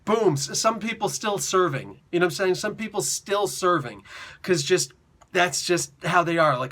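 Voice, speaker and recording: A man in his forties talks through a comic book review with hyper, slangy energy. His voice sits a little higher than most men's and has a bright, forceful edge. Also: brisk. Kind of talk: excited casual review.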